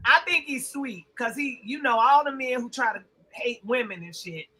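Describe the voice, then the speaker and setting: Woman podcast cohost, high voice, cusses a lot, gets loud and fired up. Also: normal speed, noisy background. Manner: profane, emphatic and fired-up; rising to loud outbursts. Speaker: podcast co-host. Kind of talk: casual chat.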